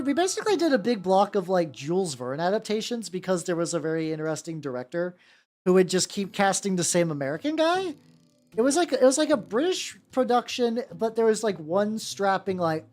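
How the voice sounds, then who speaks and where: On a miniature painting stream, a woman chats in a rambling way, with many restarts and some swearing. Her voice is medium-pitched with a darkish tone.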